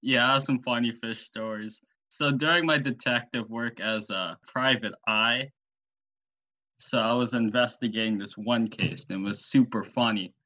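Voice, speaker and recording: Bright-voiced young man rambling a deadpan bit. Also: mid-range voice, moderate pace. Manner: rambling, deadpan, self-interviewing. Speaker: solo podcast host. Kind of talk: absurd comedic storytelling.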